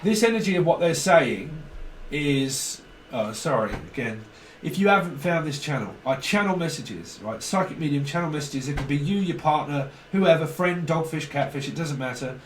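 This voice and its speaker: A man's voice: a little high, animated, moderate pace, distant mic, a little hiss or hum. A man reading tarot in casual chat, acting out both sides of arguments and swearing freely. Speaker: tarot reader. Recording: echoey room, voice off-mic.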